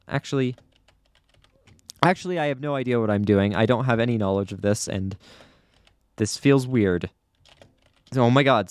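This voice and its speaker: A man's voice: mid-range voice, no echo. A young man giving casual, chatty commentary over his own gameplay, often flustered and poking fun at himself. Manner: chatty, self-deprecating, easily flustered. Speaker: gaming YouTuber.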